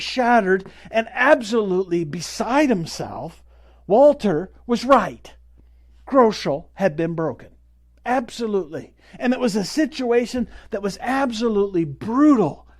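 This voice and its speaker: A male pastor delivers a sermon in a fairly high voice. He tells his story earnestly and leans on repetition to drive points home.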